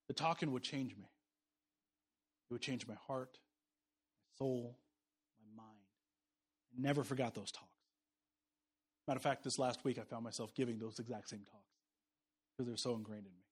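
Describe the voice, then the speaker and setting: A man in his thirties, a pastor preaching a sermon, swinging between loud emphatic declarations and soft, quiet storytelling. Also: medium pitch.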